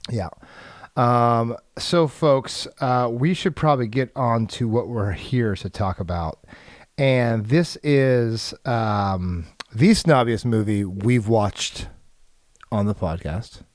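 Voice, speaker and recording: Rambling, chuckling podcast host. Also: male voice, mid-range voice, slow, no echo, studio quality. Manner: rambling, chuckling, hesitant fillers. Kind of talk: casual chat.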